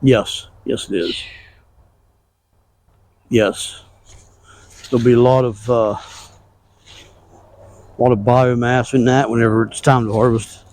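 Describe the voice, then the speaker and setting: A man strolling through his farm garden outdoors, giving a loose and easygoing weekly update. His voice is warm and mellow, and his talk is plain and rambling, in everyday country grammar. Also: mid-range voice, flat delivery, takes it slowly, pauses often, low-quality recording. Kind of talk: casual walk-through narration.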